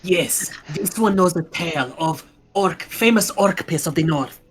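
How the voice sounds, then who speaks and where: A man's voice: on the high side, unhurried, a little hiss or hum. A man playing in a tabletop game, speaking formally in character. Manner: formal, speaks of himself as "this one". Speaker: player.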